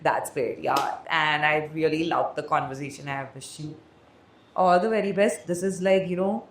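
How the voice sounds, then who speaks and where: A woman's voice: low-pitched, normal speed, slight background noise. Woman, podcast host, rambling casual questions, roomy sound. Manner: rambling, many fillers, laughs often. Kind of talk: casual interview chat.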